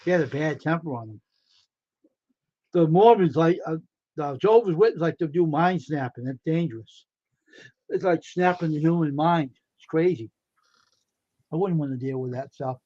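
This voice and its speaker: A man's voice: fairly high pitch, moderate pace, long pauses. A man hosting a casual livestream, telling a story with lots of laughter and acted-out quotes, and saying he's tired. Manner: animated, acts out quotes, laughs often. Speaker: livestream host. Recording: dull lo-fi stream audio.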